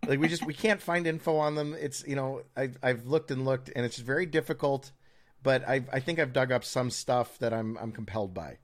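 An American man co-hosts a casual podcast at a mid-range pitch. He rambles and restarts his sentences, dropping dry, sardonic jabs along the way. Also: fairly quick. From United States. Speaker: podcast co-host. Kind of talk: casual opinionated chat.

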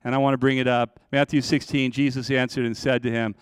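A middle-aged man preaching a sermon as pastor, swinging between loud, emphatic lines and hushed, slowed ones. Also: medium pitch, flat delivery, smooth, no room sound.

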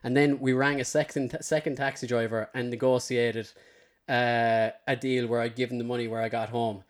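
Swearing man telling a story. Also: moderate pace. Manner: animated, swearing, acts out his own past remarks in a low mutter. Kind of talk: casual storytelling chat.

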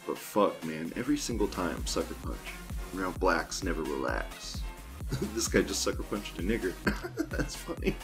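A man hosting a show, reading forum posts aloud with crude, mocking commentary and frequent laughter. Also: on the low side. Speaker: host.

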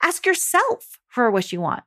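Encouraging coach woman, higher voice. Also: wildly swooping pitch, unhurried, bright, forceful tone. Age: adult mother. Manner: encouraging, speaks directly to listeners as mamas. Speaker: parenting coach for mothers. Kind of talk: motivational podcast coaching talk.

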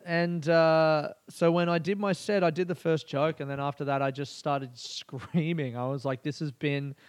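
A man's voice: fairly high pitch, fairly even intonation, normal speed, clear, resonant tone. A male comedian and podcast host telling a story in a rambling, profane and exasperated way. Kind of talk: casual storytelling monologue.

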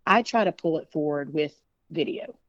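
A woman's voice: deep voice, lively intonation, normal speed, dry recording, highs cut off. A woman singer speaking as an interview guest, chatty and frank, with many fillers. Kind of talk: casual interview talk.

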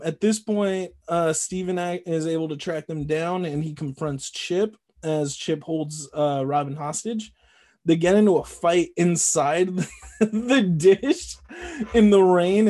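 A man co-hosting a podcast, casually recapping a film's plot with fillers and laughter. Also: on the high side. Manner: animated, laughing, recounting plot with filler words. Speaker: podcast co-host. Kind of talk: casual movie recap chat.

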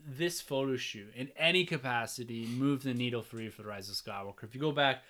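A man's voice: medium pitch, fairly quick, bright, forceful tone. A man hosting a casual podcast discussion, upbeat and steering the talk. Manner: upbeat, runs the discussion and outro. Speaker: podcast host. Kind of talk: casual chat.

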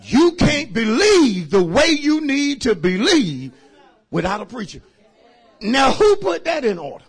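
A pastor preaching a sermon in a church, shouting lines for the congregation to repeat and then dropping into quiet asides. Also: male voice, extremely high pitch, huge pitch swings, measured pace, slightly rough. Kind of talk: shouted call-and-response sermon. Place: church sanctuary.

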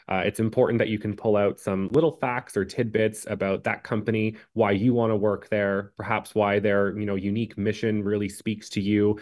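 A man answering interview questions about job hunting in a measured way, with frequent ums and uhs. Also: fairly low pitch, darkish tone. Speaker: career advice guest.

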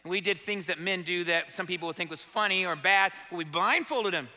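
A man's voice: high-pitched, a little fast, bright, forceful tone. A middle-aged man preaching a fervent call-and-response sermon as pastor in a church sanctuary. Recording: long hall reverb.

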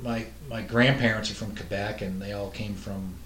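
A man's voice: fairly low pitch, moderate pace, crowd noise. A man telling family stories in casual conversation, laughing often. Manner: lively storyteller, laughs often. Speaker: guest musician. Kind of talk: casual chat. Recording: echoey room.

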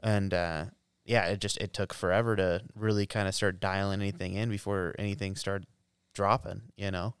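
A man in his thirties telling a hunting story in casual podcast chat, animated, laughing often and swearing freely. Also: deep voice, normal speed, hardly any pauses, clear, resonant tone, no echo, studio quality. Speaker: podcast co-host.

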